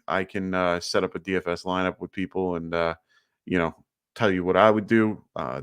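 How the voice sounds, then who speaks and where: A man's voice: low voice, a bit bright, clear, resonant tone, no echo, clean studio sound. A man with a slight lisp hosting a live fantasy football Q&A, talking loosely with lots of fillers and sounding short on sleep. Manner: loose, chatty, many fillers. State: tired from little sleep. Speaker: fantasy football livestream host. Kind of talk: casual live Q&A commentary.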